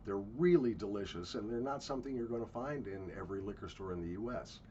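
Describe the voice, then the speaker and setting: A man's voice: lowish voice, fast, a little mellow. Blunt, profane man ranting outdoors. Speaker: travel vlogger. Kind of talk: ranting travel monologue. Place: outdoors, walking. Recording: muffled with faint ambient noise.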